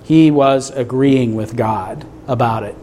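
A man's voice: medium pitch, slow, mellow, a little hiss or hum. A man preaching a sermon to a congregation in a church, emphatic, asking rhetorical questions. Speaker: pastor.

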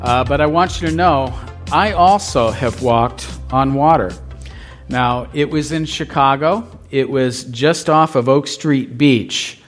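A man's voice: medium pitch, takes it slowly, soft background music. A middle-aged man preaching as a pastor, telling a story casually and asking the congregation questions. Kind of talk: conversational sermon.

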